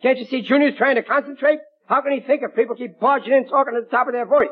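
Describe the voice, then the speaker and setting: An actor playing a fussy, blustering working-class father who nags and lectures his family in a husky voice, in 1940s radio sitcom style. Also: high voice, lively intonation, fast. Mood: exasperated. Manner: bossy, nagging, exasperated. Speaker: father of the household. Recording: tinny old radio broadcast.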